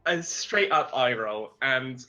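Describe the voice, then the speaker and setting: A man's voice: medium pitch, animated, slow, sharp tone, soft background music. A man playing a tabletop game, describing his character's actions in a profane, laughing, rambling way. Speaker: player.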